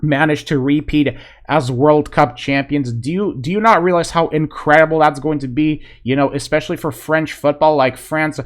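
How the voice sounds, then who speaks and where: Excitable rambling man reacting to football. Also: fairly high pitch, moderate pace. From Polish fan. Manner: excitable, rambling, lots of fillers like "man" and "you know". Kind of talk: casual video reaction commentary.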